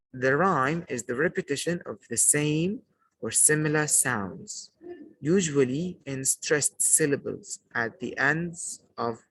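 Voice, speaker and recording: A man's voice: medium pitch, slightly rough, no echo, low-quality recording. A man teaching a poetry lesson to a class, asking questions and praising the answers, and repeating key points. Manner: slow, repetitive teaching delivery.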